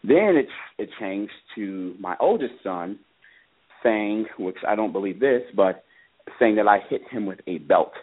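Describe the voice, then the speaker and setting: A man with a fairly low voice calls in over a thin, tinny phone line. He speaks earnestly and haltingly, with plenty of ums and uhs, as he recounts what happened to him. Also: animated. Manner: earnest, halting, many fillers. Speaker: father calling in about his case. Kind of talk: personal account on a call-in radio show.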